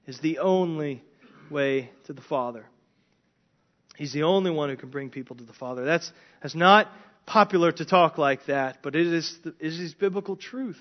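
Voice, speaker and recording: A pastor preaching a sermon in an earnest way, often repeating words as he builds his points. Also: a little high. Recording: dull lo-fi sermon recording.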